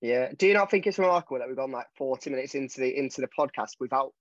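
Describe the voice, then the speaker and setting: A man co-hosting a casual football podcast, giving animated, opinionated takes. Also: medium pitch, no room sound. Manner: animated, opinionated, quick asides. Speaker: podcast co-host. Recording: dull dry lo-fi sound.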